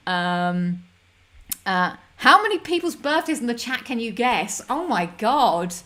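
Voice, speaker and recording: A woman's voice: on the high side, very animated, takes it slowly, sharp tone. A woman hosting a casual stream, reading out chat messages in an upbeat, giggly way with lots of fillers. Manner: chatty, upbeat, giggly, many fillers and restarts.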